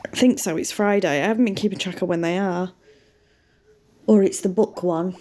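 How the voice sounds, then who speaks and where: A woman's voice: on the low side, moderate pace, darkish tone. Chatty British woman narrating gameplay. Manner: chatty, self-mocking, laughs often. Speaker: gaming channel host. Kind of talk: casual let's-play commentary.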